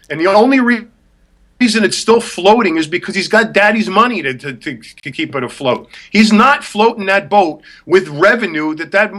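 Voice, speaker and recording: A man with a high, bright voice rants on a talk show. He is blunt and scornful and hammers his points home by repeating them. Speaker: podcast co-host. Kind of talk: opinionated rant.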